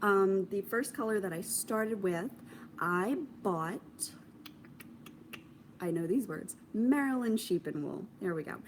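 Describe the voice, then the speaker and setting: A woman's voice: medium pitch, slight background noise. Chatty woman podcaster, knitting show-and-tell. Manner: chatty, self-amused, trails into soft asides. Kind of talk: casual show-and-tell chat to camera.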